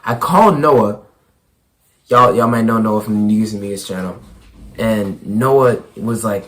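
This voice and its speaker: A young man with a hoarse, worn-out voice, vlogging casually about basketball. He stammers and repeats himself, and his voice swings from quiet to loud. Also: lowish voice, a little slow. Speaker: basketball YouTuber. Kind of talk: excited casual vlog.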